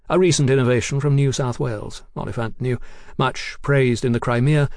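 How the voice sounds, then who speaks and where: A man narrating a novel as an audiobook, measured and descriptive. His voice sits at a middling pitch. The recording is dry and close, with no room sound. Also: darkish tone, no echo.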